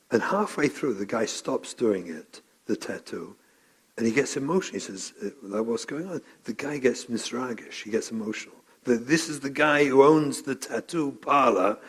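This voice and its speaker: A man's voice: medium pitch, slightly rough. A middle-aged man, a rabbi and parenting educator, gives a live training lecture, telling stories with acted-out quotes and Yiddish and Hebrew terms. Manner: animated storytelling, acts out quotes, mixes Yiddish and Hebrew terms.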